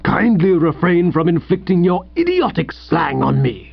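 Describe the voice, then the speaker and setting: A man voicing a pompous, irritable older gentleman who talks in a clipped, disdainful way. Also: on the high side, very animated, moderate pace, gravelly, no echo, highs cut off, heavily acted. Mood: stern, disdainful.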